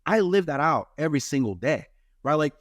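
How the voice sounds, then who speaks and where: A man's voice: on the high side, very animated, fairly quick, no echo, clean studio sound. A man in his thirties hosting a podcast interview, talking earnestly and preaching a little, tagging his points with "right?". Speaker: podcast host. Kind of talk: casual interview chat.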